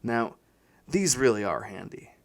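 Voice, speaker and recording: A man's voice: medium pitch, very animated, a little slow, creaky. A man reading a first-person story aloud in a weary, wry voice. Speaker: audiobook narrator.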